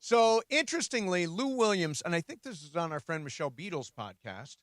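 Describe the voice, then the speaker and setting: Animated male sports radio host. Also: high-pitched, brisk, no room sound, studio quality. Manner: animated, laughs often. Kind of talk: casual sports talk radio.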